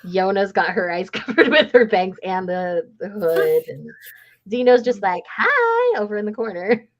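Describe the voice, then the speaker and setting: A woman's voice: medium pitch, moderate pace. A woman hosting a casual book club chat, gushing and acting out characters' lines. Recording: muffled lo-fi audio.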